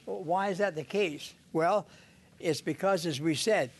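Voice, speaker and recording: Halting older man teaching scripture. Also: sits high. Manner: halting, many "uh"s and restarts, chuckles to himself. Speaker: Bible teacher. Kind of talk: informal sermon on scripture.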